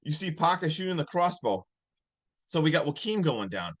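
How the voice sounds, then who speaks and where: A man with a slightly high voice tells a film's story in casual podcast chat. He talks in an animated way and laughs often. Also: moderate pace. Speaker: podcast co-host. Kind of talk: casual movie recap.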